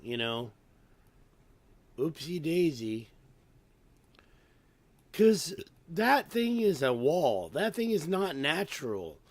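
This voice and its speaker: A hoarse man who has nearly lost his voice, hosting a casual video, rambling and exclaiming with rhetorical questions as he looks at maps. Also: on the high side, no room sound. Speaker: video host. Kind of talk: casual commentary over maps.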